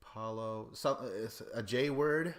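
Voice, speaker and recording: Male podcast host, lowish voice, loose and profane, excitable rambling commentary. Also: normal speed.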